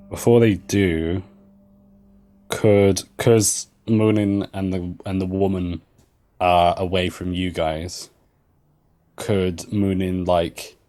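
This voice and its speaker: Deep and a bit dark, this man's voice belongs to a player in a tabletop role-playing game. He describes what his character does hesitantly, full of fillers and restarts.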